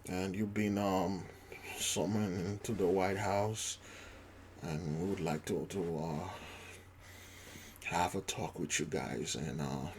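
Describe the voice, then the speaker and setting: A man's voice: low-pitched, fairly even intonation, slow pace, pauses often, a little hiss or hum, voice pushed down. A man voicing a nervous, groveling male envoy who pleads and stammers. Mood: pleading.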